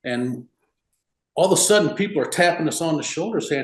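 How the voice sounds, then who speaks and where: A man in his fifties, a retired relief pitcher, telling old stories as a guest in a casual rambling way full of "you know" and chuckles. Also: animated, fairly quick, reverberant, poor audio. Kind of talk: casual storytelling interview.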